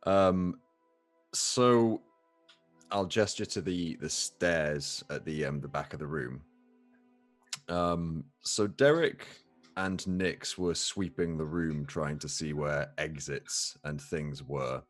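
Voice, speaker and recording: A man playing his character in a tabletop game, speaking hesitantly and politely with many pauses. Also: a bass voice, soft background music. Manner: hesitant, polite, lots of ums. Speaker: player.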